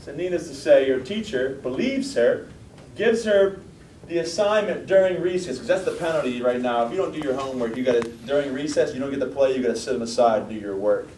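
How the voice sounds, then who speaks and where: A man's voice: fairly quick, darkish tone. A man preaching in a conversational way, telling a family story and putting questions to his listeners. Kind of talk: sermon with a personal story. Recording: roomy, distant mic, faint rumble.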